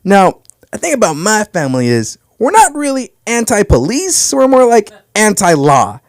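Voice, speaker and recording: A man's voice: high-pitched, wildly swooping pitch, moderate pace, no echo. Brash young man doing stand-up. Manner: brash storytelling, crude punchlines. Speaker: stand-up comedian. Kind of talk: stand-up comedy set. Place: comedy club stage.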